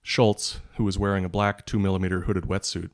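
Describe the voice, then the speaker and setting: Man, low voice, monotone, author reading his own thriller aloud, steady pace. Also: fairly quick. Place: podcast recording.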